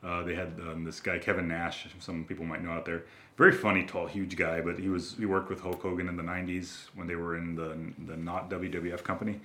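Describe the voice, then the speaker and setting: A man's voice: low voice, little pitch movement, fairly quick, bright, forceful tone. A man chatting casually on a podcast, rambling and hesitant, with lots of fillers. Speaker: podcast co-host. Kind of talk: casual chat. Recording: roomy echo.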